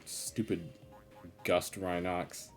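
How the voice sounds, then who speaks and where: Deep-voiced man grumbling over a game. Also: flat delivery, extremely slow, soft background music. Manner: exasperated, sarcastic grumbling. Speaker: streamer. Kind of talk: live gameplay commentary.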